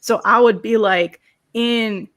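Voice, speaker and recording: A young woman from South Florida in a casual panel discussion, telling lively stories and acting out quoted exchanges. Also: fairly high pitch, takes it slowly. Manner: animated storyteller, acts out quoted exchanges.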